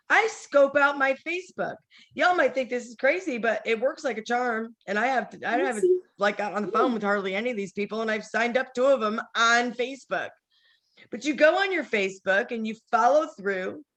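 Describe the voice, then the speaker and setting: A woman with a middle-pitched voice giving a casual training talk over a computer mic on a video call. She sounds chatty and encouraging. She sometimes acts out sample conversations with her team. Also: fairly bright tone.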